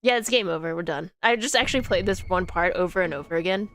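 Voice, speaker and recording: Her voice sits on the low side, fast and fairly bright. Streaming a horror game to game music, she offers loose, giggly commentary, rambling with lots of fillers and laughing frequently.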